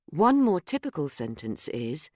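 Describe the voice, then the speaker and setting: A narrator reading a scripted grammar lesson in a measured, explanatory way, speaking example sentences aloud. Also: medium pitch, very animated, a little mellow, dry recording, clean studio sound. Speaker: course narrator.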